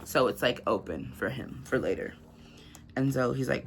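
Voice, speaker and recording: A man's voice: mid-range voice, expressive, normal speed, creaky, a little hiss or hum. A man casually recapping a novel for a book vlog, reading passages aloud and chatting with lots of fillers. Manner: chatty, filler-heavy, laughs at grim scenes. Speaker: book vlogger.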